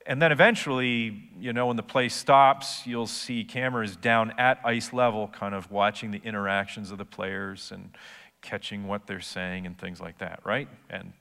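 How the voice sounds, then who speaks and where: A man's voice: on the low side, fairly even intonation, normal speed, vocal fry, sharp tone, in a large hall. A male pastor preaching a sermon, conversational at first and then rising to emphatic points.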